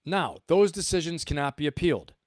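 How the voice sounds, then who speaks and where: A man's voice: on the high side, expressive, a little fast, dry recording, clean studio sound. A man hosting a livestream, giving emphatic commentary and repeating his points for stress. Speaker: host.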